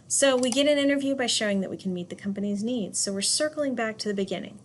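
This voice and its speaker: Woman instructor, emphatic lecture, mid-pitched voice, faint background hiss. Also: animated, normal speed. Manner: direct, emphatic, with asides and light laughs. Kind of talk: classroom lecture.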